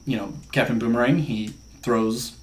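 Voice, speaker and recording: A man's voice: medium pitch, moderate pace, roomy sound, slight background noise. A man co-hosting a podcast, chatting casually and telling stories with jokes. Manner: animated, jokey storytelling. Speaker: podcast co-host. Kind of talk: casual chat.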